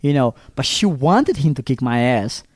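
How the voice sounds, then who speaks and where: A young man from Brazil co-hosting a podcast, telling a story in a casual, animated way, acting out the people in it and swearing freely. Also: medium pitch, normal speed, no room sound, studio quality. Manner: animated, acts out quoted voices, swears freely. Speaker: podcast co-host.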